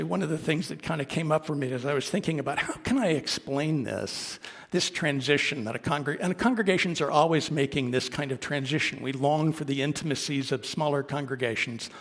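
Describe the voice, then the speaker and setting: A man's voice: fairly high pitch, slightly rough. A man giving a sermon as a minister, speaking earnestly and conversationally with small asides. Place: sanctuary of a congregation. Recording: long reverb of a worship hall.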